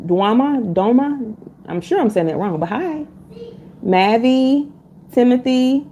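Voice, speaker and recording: A woman's voice: on the high side, animated, takes it slowly, warm tone, lo-fi sound, a little hiss or hum. A woman reading tarot on a live stream, talking casually and bluntly. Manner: candid and blunt, chatting with chat between readings.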